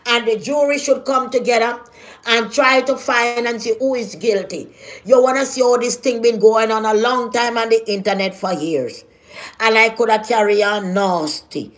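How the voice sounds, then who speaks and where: A woman's voice: a little high, normal speed. A woman with a Jamaican accent delivering a scolding, confrontational vlog rant full of rhetorical questions. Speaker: vlogger. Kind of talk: ranting vlog.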